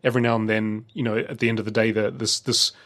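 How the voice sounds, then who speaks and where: A man's voice: fairly low pitch, flat delivery, quick pace, a bit bright. Rambling man telling a travel story. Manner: rambling, many fillers and restarts. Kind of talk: casual chat.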